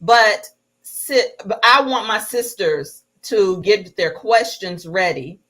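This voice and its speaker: A woman's voice: mid-range voice, animated, slow. A woman hosting a livestreamed interview, praising her guest and talking directly to viewers. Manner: warm encouraging, addresses viewers directly. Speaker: host.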